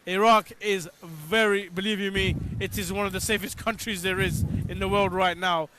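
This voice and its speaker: High, bright-voiced man preaching to viewers. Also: steady tone, normal speed, a little hiss or hum. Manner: exhorting, preacher-like appeals to viewers. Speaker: presenter of live pilgrimage coverage. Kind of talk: live outdoor broadcast interview. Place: outdoors on a pilgrimage walk.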